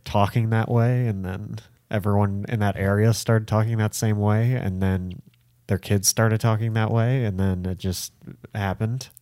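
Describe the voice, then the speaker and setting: A man's voice: on the low side, fairly even intonation, measured pace, mellow, dry recording, clean studio sound. A man co-hosting a podcast, rambling in casual chat with lots of filler words. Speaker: podcast co-host.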